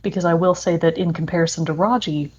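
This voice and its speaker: A woman's voice: on the low side, fast talker, a little mellow, husky. A woman co-hosting a podcast, chatting enthusiastically about video games with many fillers. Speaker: podcast co-host. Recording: dull lo-fi audio.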